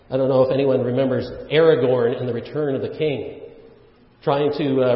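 A man's voice: mid-range voice, reverberant, in a large hall, dull audio. A man preaching a sermon, earnest and emphatic, often restarting his sentences. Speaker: pastor.

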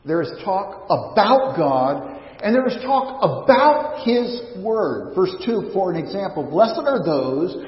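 Slow-preaching man in an echoey hall. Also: high-pitched, very animated. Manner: conversational, searching, with frequent restarts. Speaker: pastor. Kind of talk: sermon. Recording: echoey church hall, dull lo-fi sound.

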